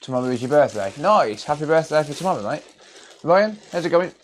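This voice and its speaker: A man hosting a casual repair livestream, greeting viewers by name in a relaxed, jokey way from a cluttered home workshop. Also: fairly high pitch, a little fast, a little hiss or hum. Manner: relaxed, jokey, reads chat names aloud.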